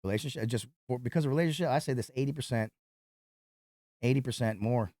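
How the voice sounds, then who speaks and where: A man who works as a nightclub bouncer tells a fight story in an interview, animated and profane. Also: medium pitch, fast talker, no room sound, clean studio sound.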